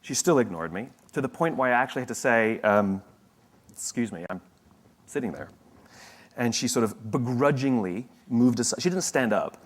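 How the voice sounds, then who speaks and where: A man's voice: mid-range voice, expressive, brisk, hardly any pauses. A man giving a motivational talk, telling a story in a conversational, wry way with asides and self-corrections. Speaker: motivational speaker.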